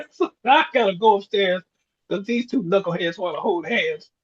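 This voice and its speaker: A man's voice: high-pitched, lively intonation, normal speed, husky. A man in his sixties, a podcast co-host, telling reflective stories in casual chat. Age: 60s. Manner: storytelling, reflective, chuckles often. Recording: dull lo-fi sound.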